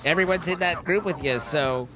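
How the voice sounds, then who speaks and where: A man's voice: on the high side, normal speed. A man streaming a game, chatting casually with viewers and reacting to the gameplay. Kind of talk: casual live-stream commentary. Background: game music.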